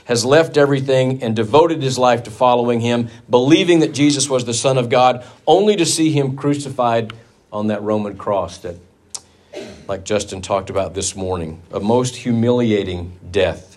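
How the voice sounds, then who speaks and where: A man's voice: medium pitch, normal speed, a little mellow. A man preaching a sermon in a church, telling a Bible story earnestly and leaning hard on key words. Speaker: pastor.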